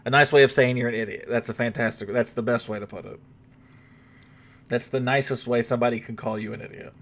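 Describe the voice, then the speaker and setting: A young man with a Southern US accent and a slight twang streams a game, talking fast in a mid-range voice. His chat is relaxed and rambling, and he swears freely.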